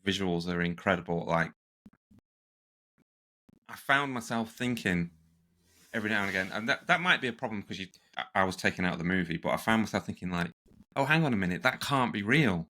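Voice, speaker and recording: A man's voice: sits low, brisk, pauses often, bright, forceful tone. A man co-hosting a podcast, chatting enthusiastically and slipping into goofy impressions. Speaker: podcast co-host. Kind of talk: casual chat.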